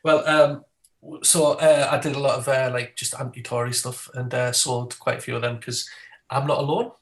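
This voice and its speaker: A Geordie man from Newcastle, England speaks at a moderate pace with a medium pitch and flat delivery. He's a guest comedian in a casual chat, rambling and laughing between phrases.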